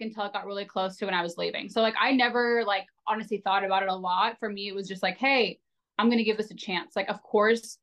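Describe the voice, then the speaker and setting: A young woman in her twenties speaking as a guest in a relaxed podcast conversation. She rambles through her stories, leaning on "like" constantly. She pokes fun at herself, and her voice sits at an average pitch for a woman. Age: 20s. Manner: rambling, heavy on filler "like", self-deprecating. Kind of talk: casual podcast chat.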